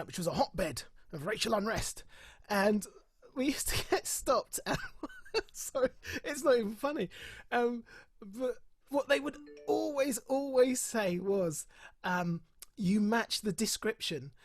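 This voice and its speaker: Husky middle-aged man telling stories. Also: high voice, no room sound. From England. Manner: candid, laughs often, repeats phrases for emphasis. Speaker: speaker at an online festival. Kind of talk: personal storytelling talk.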